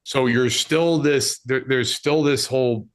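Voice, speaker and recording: A man speaking as a podcast guest, coaching listeners in a direct, plain-spoken way. His voice sits at a middle pitch. He mixes blunt tips with quick examples. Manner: direct, coaching, acts out scenes with quoted voices. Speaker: dating and lifestyle coach, guest. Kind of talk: casual podcast conversation.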